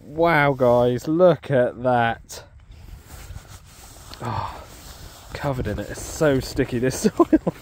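A man's voice: mid-range voice, takes it slowly, pauses often, a little mellow. An English man vlogging outdoors in a farm field, breathless and exclaiming in disbelief, with a camera mic. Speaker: metal detecting vlogger. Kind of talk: excited field vlog commentary. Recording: faint outdoor background noise.

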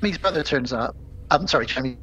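A man's voice: medium pitch, animated, quick pace, bright, forceful tone, a little hiss or hum. A man, a podcast co-host retelling a film's plot at length in casual chat. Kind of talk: casual film-recap chat.

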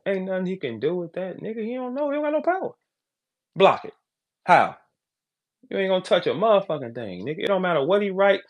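A man hosting a live audio call, trash-talking loudly and then turning low and calm. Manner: loud, brash trash talk, swings to low calm. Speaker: battle rap host.

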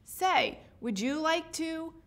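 A gentle, sighing old Santa with a fretful streak, read aloud by a woman. The voice sits fairly high for him and stays soft-spoken throughout the storybook. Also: expressive, slow, exaggerated voice. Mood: kindly. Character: kindly older Santa, easily worried.

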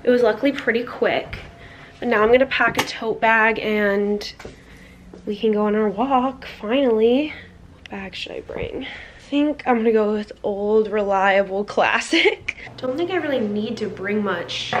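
A woman's voice: a little high, unhurried. Chatty young woman vlogging from a distance. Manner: chatty, talks straight to camera, lots of "like". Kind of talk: casual vlog chat. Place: at home in an apartment. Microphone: camera mic. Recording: roomy, from a distance, faint noise.

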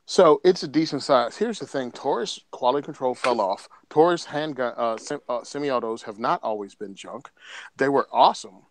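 A man's voice: mid-range voice, moderate pace, slight background noise. A man on a podcast telling a story in casual chat, joking and laughing often. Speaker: podcast co-host.

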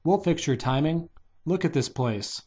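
A man voicing a wisecracking male cartoon rabbit in a low, relaxed drawl while reading a storybook aloud. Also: measured pace, breathy edge. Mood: teasing.

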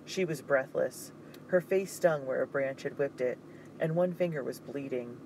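A man narrating an audiobook in a steady, suspenseful reading. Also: mid-range voice, moderate pace, vocal fry, a little hiss or hum, rough recording.

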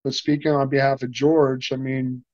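With a medium-pitched, slightly mellow voice and a level tone, an older man speaks at normal speed as an interview guest. He rambles through a casual story, often starting over and acting out quoted dialogue. The sound is dull and dry, without echo.

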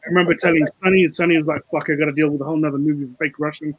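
A slightly high, husky male voice, talking in a relaxed and easy way. He is a director explaining his choices and quoting his collaborators. The sound is dry and close. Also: very fast, dry recording, dull audio. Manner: relaxed, explains, quotes others. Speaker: film director. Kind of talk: casual interview chat.

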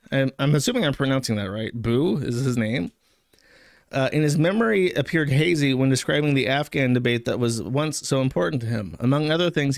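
A man's voice: mid-range voice, no echo, clean studio sound. Sarcastic rambling male commentator. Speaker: streamer commentator. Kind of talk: casual commentary.

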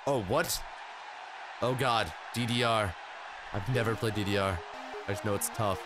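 A man hosting a let's play, reading game text aloud in an excitable, flustered way as he comments on the gameplay. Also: fairly low pitch, normal speed. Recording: game music playing behind.

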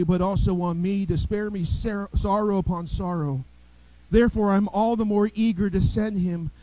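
A man with a high voice preaches a sermon from the pulpit of a church. He tells everyday stories with rising emphasis and often restarts his words mid-phrase. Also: no echo, poor audio. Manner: animated storytelling preacher, repeats and restarts words. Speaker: pastor. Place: church sanctuary.

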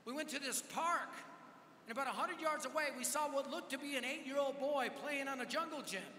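A man preaching at a conference, telling a story with energetic, dramatic swings from loud to hushed. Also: very high voice, fairly quick, a little hiss or hum. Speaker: conference speaker. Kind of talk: storytelling sermon. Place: large hall. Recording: echoey hall with long reverb.

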